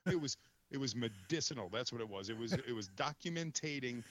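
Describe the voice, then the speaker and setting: Man, casual storytelling chat, lively bright voice, dry close sound, exasperated. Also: mid-range voice, a little fast, dry recording. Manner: animated, exasperated, swears casually.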